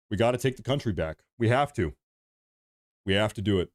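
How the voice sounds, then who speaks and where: A man's voice: on the low side, animated, brisk, long pauses. A man in his thirties hosting a political livestream, heated and ranting, reading viewer messages between outbursts. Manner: heated, ranting, then apologetic. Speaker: livestream host.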